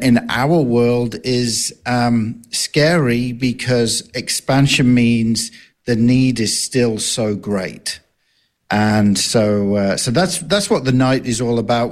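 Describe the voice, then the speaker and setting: A man's voice: medium pitch, measured pace. A man with a foreign accent, a ministry leader giving an easygoing radio interview with many fillers. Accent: non-American, from further south than Texas. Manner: easygoing, joking, with hesitant fillers.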